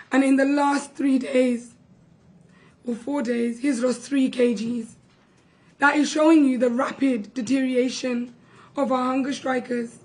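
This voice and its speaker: Young woman, high-pitched, voice worn hoarse, urgent impassioned press statement. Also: darkish tone, low-quality recording. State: losing her voice, hoarse. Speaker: relative of a hunger striker. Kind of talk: press conference speech.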